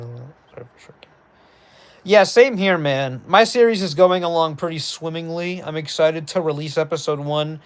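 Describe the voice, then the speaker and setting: Brief: upbeat male streamer, slightly high voice, jumpy, reacts to chat. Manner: animated, reads chat aloud, excitable bursts. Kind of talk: casual livestream chat.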